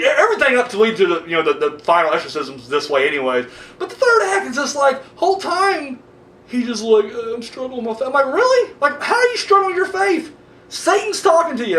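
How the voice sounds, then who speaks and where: High-voiced man, lively swooping delivery, bright tone, profane movie review, echoey room a bit off-mic. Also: distant mic. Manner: profane, exasperated, swings between loud outbursts and mumbling.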